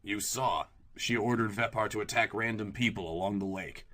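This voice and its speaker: A man voicing a guarded young man, a former bodyguard who speaks in terse, measured lines. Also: fairly low pitch, pushed and bright. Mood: explaining.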